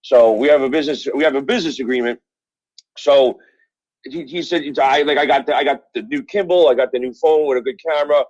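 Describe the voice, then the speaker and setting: A man's voice: mid-range voice, brisk, darkish tone, no room sound. A middle-aged man from Brooklyn, a guest telling rambling, profane stories full of fillers over the phone. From Brooklyn, New York. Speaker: guest, author. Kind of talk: casual interview chat. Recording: dull phone-call audio.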